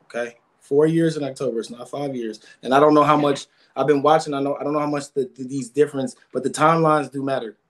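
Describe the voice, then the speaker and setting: A man's voice: mid-range voice, steady tone, quick pace, few pauses. A man guest giving emotional, rambling interview answers, often repeating words.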